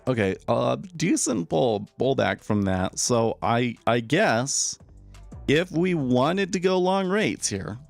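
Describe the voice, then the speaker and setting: Gravelly-voiced man giving trading commentary. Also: mid-range voice, lively intonation, takes it slowly, faint music behind. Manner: casual, opinionated, repeats words when starting sentences. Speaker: day trader streaming live.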